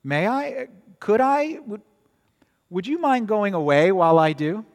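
A man's voice: high-pitched, animated, unhurried, pitched above the performer's own voice. A man voicing a frightened, thirsty young girl who speaks timidly and hesitantly, in a long-reverb hall.

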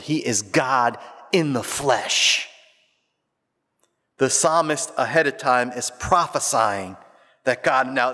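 A man preaching a sermon as pastor, swinging between loud emphatic lines and hushed, quiet ones. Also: medium pitch. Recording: reverberant hall.

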